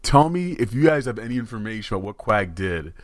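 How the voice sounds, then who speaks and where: A man co-hosting a podcast, excitable and laughing as he tells stories in casual banter. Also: lowish voice, a little fast, dry recording, studio quality. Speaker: podcast co-host.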